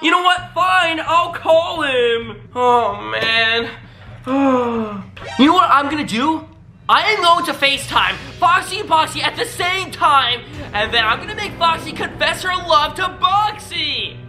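A young male YouTube host doing hyper, jokey reaction commentary that swings between shouting and mock crying. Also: extremely high pitch, expressive, moderate pace, soft background music.

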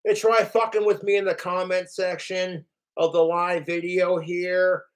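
A man hosting his livestream rants casually and profanely in a high voice, speaking in a level tone and a little slowly. He's boastful and acts out other people's lines.

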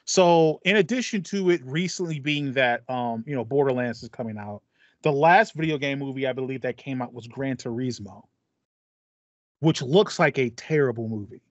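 A man's voice: mid-range voice, moderate pace, no room sound, muffled recording. A man co-hosting a gaming podcast, talking casually and rambling through his ideas with restarts and fillers. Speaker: podcast co-host. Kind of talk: casual chat.

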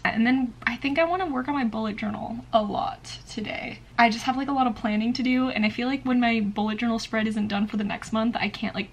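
A woman chatting casually in a home vlog about books and her day, using lots of "like". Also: fairly high pitch. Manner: chatty, filler-heavy, lots of "like". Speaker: book vlogger.

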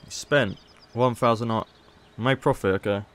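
A man's voice: medium pitch, normal speed, a bit bright, slight background noise. A man casually commentating gameplay as a YouTuber, chatty and playful. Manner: chatty, playful, haggling asides. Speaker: gaming YouTuber.

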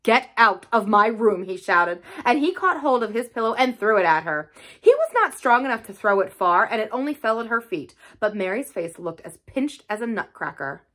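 A woman reading a classic novel aloud for a library, telling it in an expressive storytelling way. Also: on the high side, normal speed, hardly any pauses. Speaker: library reader.

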